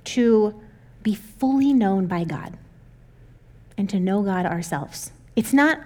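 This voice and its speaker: A woman's voice: mid-range voice, animated, slow pace, long pauses, darkish tone. A young adult woman pastor giving a conversational sermon, candid and self-deprecating, often laughing as she talks.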